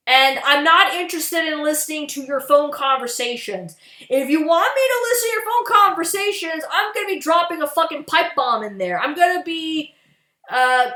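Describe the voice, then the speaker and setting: A woman's voice: very high-pitched, pushed and bright, roomy sound. A woman vlogger ranting in exasperation, swearing freely and often restarting her sentences. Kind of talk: profane ranting commentary.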